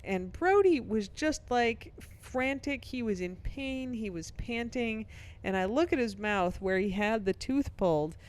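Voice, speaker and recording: A middle-aged woman co-hosting a podcast, telling a long story briskly and laughing now and then. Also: medium pitch, smooth. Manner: brisk anecdotal telling, laughs while talking. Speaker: podcast co-host; professor and author. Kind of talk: casual chat, storytelling.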